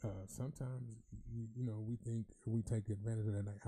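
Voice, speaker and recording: A man co-hosting a podcast in a studio, talking in emotional bursts that get loud when he tells stories. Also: on the low side, flat delivery, a little fast, few pauses, slightly rough. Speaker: podcast co-host. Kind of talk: casual podcast chat. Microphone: studio mic.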